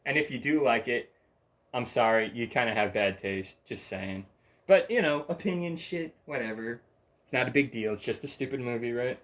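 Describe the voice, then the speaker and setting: A channel host with a medium-pitched, slightly bright voice delivers a rambling solo rant at normal speed. He's blunt and profane, laughing between his points.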